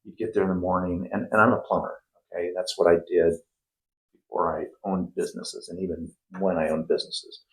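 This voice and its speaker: A man's voice: low-pitched, flat delivery, fairly quick, rough recording. A middle-aged man, a former plumber turned investor, talking casually in an interview with lots of fillers and restarts. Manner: rambling, many restarts and fillers.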